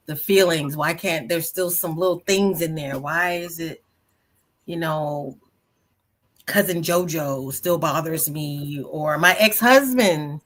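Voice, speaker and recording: A woman's voice: low voice, a bit bright. A woman co-hosting a casual spiritual podcast, telling personal stories and acting out her own shocked reactions. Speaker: podcast co-host.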